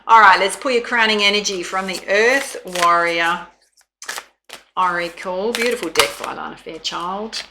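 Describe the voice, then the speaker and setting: A woman's voice: mid-range voice, measured pace, heavy background noise. An Australian woman giving a chatty, soothing tarot reading, with frequent laughs. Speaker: tarot reader.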